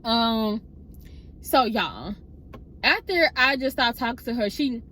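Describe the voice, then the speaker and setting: A woman chatting in a car, telling a story straight to her viewers in a casual, expressive way. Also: on the high side, slow, long pauses. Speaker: storytime vlogger.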